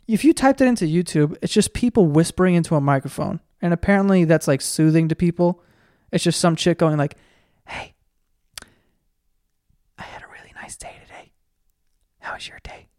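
In studio-quality audio with no echo, a man hosting a podcast chats in a rambling, sarcastic, foul-mouthed way while looking things up online. His voice is a little high and a little mellow, and the talk is a casual comedic rant.

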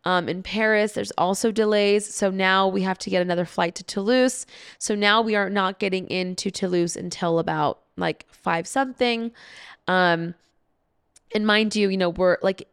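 In a studio-quality recording with no room sound, a young adult podcast host recounts a travel story casually, laughing often, swearing a bit, and saying "like" a lot. Her voice is smooth and steady, medium in pitch, at a normal speed.

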